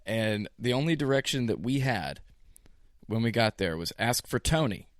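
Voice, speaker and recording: A young man co-hosting a podcast, telling a story in a casual, animated way. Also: medium pitch, normal speed, no echo, studio quality. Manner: storytelling, animated retelling with baseball metaphors. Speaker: podcast co-host. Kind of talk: casual chat. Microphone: podcast microphone.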